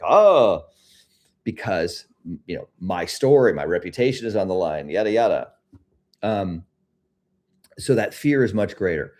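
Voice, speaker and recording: A middle-aged man hosting a live self-help talk, speaking reflectively about fear and then gently guiding listeners through a body meditation. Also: on the low side. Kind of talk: casual talk leading a guided meditation.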